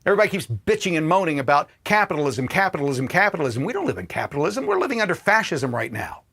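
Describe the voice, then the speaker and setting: A man hosting a political livestream, ranting with profanity and swinging between shouting and low muttering. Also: sing-song, fast, vocal fry, slightly rough. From Indiana, US. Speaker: political commentary host.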